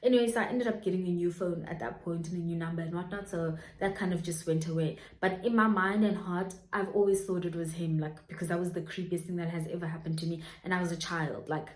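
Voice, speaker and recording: A woman's voice: medium pitch, dark tone, echoey room. A South African woman in her twenties telling a personal storytime to her viewers in a chatty way, full of fillers and asides. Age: 20s. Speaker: YouTuber. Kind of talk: storytime vlog.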